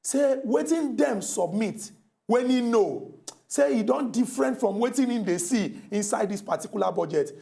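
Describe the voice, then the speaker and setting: A man's voice: very high voice, expressive, normal speed, gravelly, warm tone. A man with a Nigerian Pidgin accent hosting a heated TV political debate, combative and theatrical. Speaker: TV talk show host.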